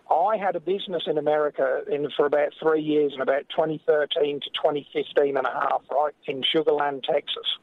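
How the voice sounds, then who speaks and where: A man's voice: fairly high pitch, no room sound. An English man calling in to a radio show, talking earnestly and with feeling. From England. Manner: earnest, impassioned, slows when emotional. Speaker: caller. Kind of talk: call-in radio. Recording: tinny phone line.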